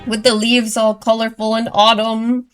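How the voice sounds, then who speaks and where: A woman with a fairly high voice hosts a first-time movie reaction, chatting casually as the film's audio and some soft music play behind her. She's excitable and gushing, getting worked up and then quickly apologizing for it.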